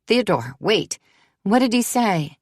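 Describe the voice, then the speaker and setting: A patient foster mother in an audiobook who coaxes with gentle questions, read by a woman. Her voice sits higher than the narration. The sound is dry and close. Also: big pitch swings, slow, no echo. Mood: urgent. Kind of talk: audiobook character reading.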